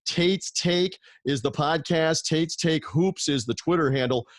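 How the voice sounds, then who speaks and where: A man's voice: fairly high pitch, a little slow, no room sound, clean studio sound. A man hosting a sports talk podcast over a video call, upbeat and busy plugging his guests' shows. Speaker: podcast host.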